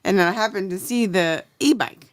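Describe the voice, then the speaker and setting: An American woman co-hosting a podcast, telling a story in a chatty, animated way. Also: mid-range voice, normal speed. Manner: chatty, animated retelling with acted-out quotes. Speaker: podcast co-host. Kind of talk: casual storytelling chat.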